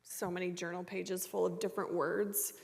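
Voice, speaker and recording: Animated woman coach telling stories. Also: fairly low pitch, normal speed, creaky. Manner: animated, storytelling, acts out her own thoughts. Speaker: panelist coach. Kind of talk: panel discussion. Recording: reverberant hall.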